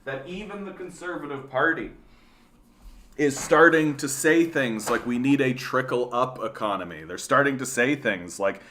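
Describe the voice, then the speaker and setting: A man's voice: medium pitch, moderate pace, a little hiss or hum. Canadian man in his late 30s hosting a profane political rant, casual and heated, mid-range voice. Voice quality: profane, animated, lots of fillers. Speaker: political livestream host.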